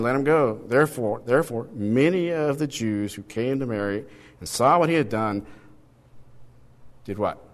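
Man teaching Bible study in reverberant hall. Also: mid-range voice. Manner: conversational, asks rhetorical questions, reads passages aloud.

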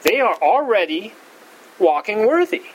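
Emphatic, high-voiced male Bible teacher. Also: big pitch swings, measured pace, poor audio. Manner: emphatic, stresses key words with pitch jumps and frequent restarts. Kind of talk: verse-by-verse Bible study teaching.

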